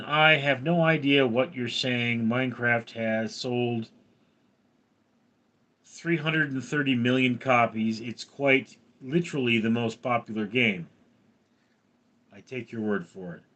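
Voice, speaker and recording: A man's voice: mid-range voice, fairly bright tone. A man hosting a live stream, who reads viewer names from chat and teases them. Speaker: livestream host. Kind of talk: casual live chat reading.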